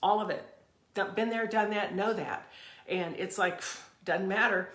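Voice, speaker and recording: A woman's voice: mid-range voice, moderate pace, a bit bright. A woman hosting her own podcast, delivering a fervent, emphatic motivational rant full of repeated phrases. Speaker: podcast host. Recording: echoey room.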